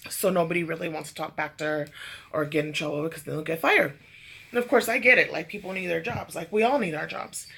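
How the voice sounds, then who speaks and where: Bright-voiced woman telling a story. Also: sits low, quick pace, creaky, breathy edge. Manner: chatty, profane, lots of fillers and asides. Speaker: vlogger. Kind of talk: casual storytime vlog.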